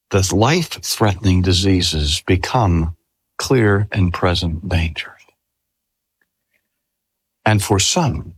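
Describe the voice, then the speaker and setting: An older man delivers a sermon with a strongly rising and falling voice. He draws out key phrases slowly and poses earnest rhetorical questions. His voice is recorded dry, with little room sound. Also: low-pitched, breathy edge, dry recording. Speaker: preacher. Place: talk at a cancer hospital.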